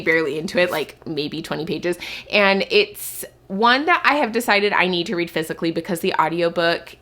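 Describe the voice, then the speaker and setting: A woman's voice: on the low side, pushed and bright. A young woman talking to camera in a book vlog, thinking aloud with lots of fillers, a little sick with a cough. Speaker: book vlogger. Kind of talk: casual chat to camera.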